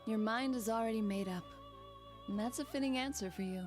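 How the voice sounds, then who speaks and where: A woman voicing a calm, formal attendant. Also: fairly high pitch, music in the background, close to an everyday voice. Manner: measured, formal and unhurried. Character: calm, composed female attendant of a mysterious blue room. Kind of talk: game voice acting.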